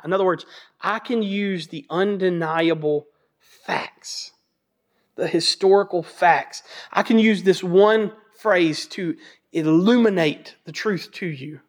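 High-voiced joking Bible teacher, man. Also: takes it slowly. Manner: conversational and joking; emphatic repetition.

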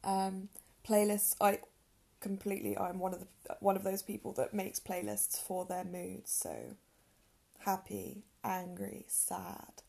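Young woman, podcast host, casual and candid, with a husky voice. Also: mid-range voice, unhurried, mellow. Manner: earnest, chatty, self-deprecating with frequent ums and laughs. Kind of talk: casual solo podcast talk.

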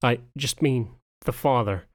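A man voicing a snarky, defensive young male cattle dog who talks bluntly and gruffly, in an audiobook reading. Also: medium pitch, measured pace, no echo, studio quality, natural voice.

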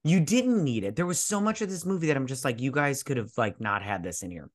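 A man's voice: medium pitch, animated, fast. Profane rambling male podcast co-host. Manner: profane, rambling, acts out characters in quotes. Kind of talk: casual drunk movie-review chat.

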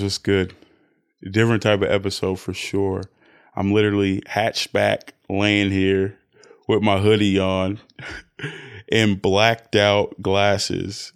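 A young man hosting a solo podcast rant, animated and self-interrupting, swinging between loud bursts and hushed asides. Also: lowish voice, measured pace, creaky. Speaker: podcast host. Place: indoors, lying down recording at home.

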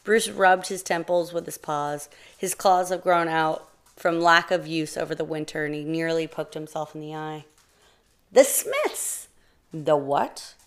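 A woman narrating a children's short story in a calm, steady storytelling manner. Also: deep voice, moderate pace, few pauses, clean tone.

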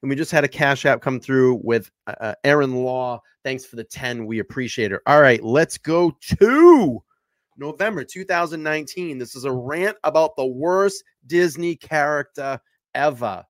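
A man's voice: mid-range voice, normal speed, no room sound, studio quality. A man hosting a livestream casually, reading out donations and introducing clips. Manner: easygoing, reads donations aloud. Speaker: livestream host.

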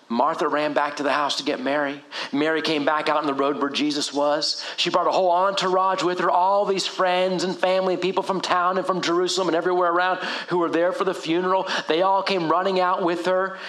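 A man preaching a sermon in a conversational, animated storytelling way, slowing down and dropping his voice for dramatic moments. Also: sits high. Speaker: pastor. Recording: echoey room.

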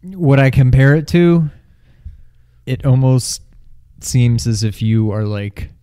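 A man's voice: medium pitch, animated, slow pace, mellow, clean tone, no room sound, clean studio sound. A man co-hosting a casual gaming podcast, chiming in with brief, laid-back remarks. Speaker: podcast co-host.

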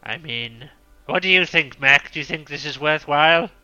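A man's voice: fairly high pitch, normal speed, sharp tone, smooth, dull audio. A man playing a tabletop game, talking playfully and hesitantly with a lot of ums. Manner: playful, hesitant, laughs between lines. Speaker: player. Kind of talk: casual tabletop game chat.

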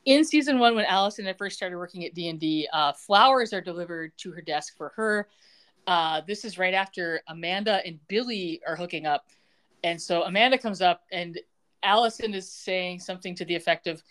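A woman with a lowish voice talks a little fast while co-hosting a podcast. She's casually going over a TV episode, bringing it to life by acting out what the characters said, with laughs mixed in.

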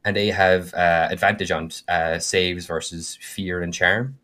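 A man, co-hosting a podcast and telling the story of a game he ran in an animated, filler-heavy way. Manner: animated, with frequent fillers and quick bursts of higher pitch. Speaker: podcast co-host and game master. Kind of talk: casual storytelling chat.

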